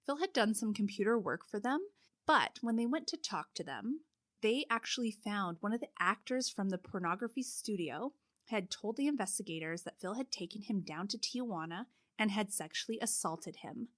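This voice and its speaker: A woman's voice: mid-range voice, moderate pace, no echo. Casting note: woman co-host telling a true-crime case casually, dry close-miked sound. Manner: steady storytelling with frequent "like" fillers.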